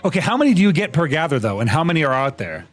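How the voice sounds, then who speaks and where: A young man live-streaming a game, talking to his chat in an excitable, laughing, apologetic way. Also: on the high side, very fast.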